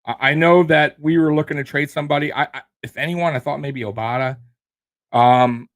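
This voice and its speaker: A man's voice: a little high, fairly even intonation, normal speed. A man hosting a fan sports show, ranting heatedly and with profanity, full of fillers and restarts.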